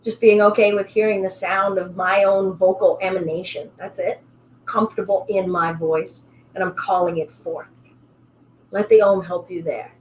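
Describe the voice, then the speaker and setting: A woman leading a live online yoga class, with a calm, soothing way of guiding that turns upbeat and playful. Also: medium pitch, normal speed, a little hiss or hum, poor audio. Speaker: yoga instructor.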